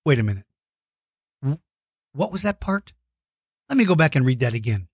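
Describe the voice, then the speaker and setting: A man hosting a children's podcast, reading out listener mail with big enthusiasm, warm praise and playful mock-outraged shouts. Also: on the high side, big pitch swings, moderate pace, breathy edge, no echo, clean studio sound. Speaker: kids' podcast host.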